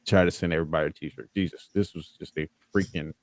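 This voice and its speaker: Deep guy hosting a podcast, rambly, lots of ums, dry room. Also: fairly even intonation, fast talker, no room sound. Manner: rambling, jokey, many fillers. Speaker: podcast host. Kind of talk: casual podcast wrap-up.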